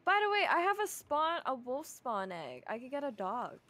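A woman's voice: sits high, sing-song, normal speed, a bit bright. Playful teasing woman from Canada. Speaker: co-streamer. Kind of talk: casual gaming chat. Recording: noisy stream audio.

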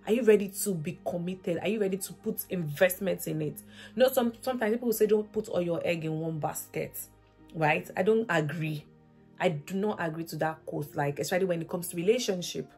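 A woman's voice: lowish voice, fairly quick, darkish tone, breathy edge, soft background music. A woman vlogger giving faith-based relationship advice, earnest and emphatic, repeating her points as rhetorical questions.

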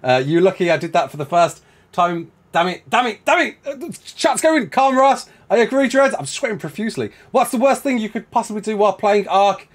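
Rapid excitable Brummie streamer. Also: male voice, high voice. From West Midlands, England. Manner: rapid, excitable, laughing often. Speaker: game streamer. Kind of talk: live stream chat reading.

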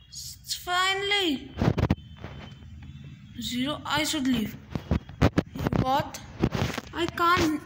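A woman with doing excitable live game commentary, with dramatic outbursts and sing-song humming. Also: high voice, heavy background noise. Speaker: gaming vlogger.

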